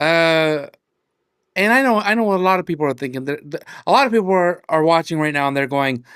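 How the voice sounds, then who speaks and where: A man's voice: a little high, lively intonation, a little fast, a bit bright, clean tone, no room sound, studio quality. A man co-hosting a podcast, chatting casually and laughing often as he restarts sentences. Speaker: podcast co-host. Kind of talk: casual political chat.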